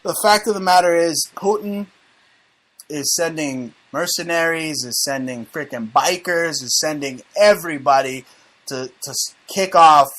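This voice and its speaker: A man's voice: fairly high pitch, a little slow, fairly bright tone. A man hosting a casual talk show, brash and profane, joking and mocking as he reads the news. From United States. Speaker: show host.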